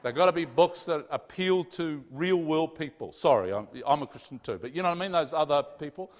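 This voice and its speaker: A man's voice: a little high, fairly quick. A man preaching a conversational sermon with lots of energy, often checking in with the audience. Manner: animated, tags sentences with "okay?". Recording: long hall reverb.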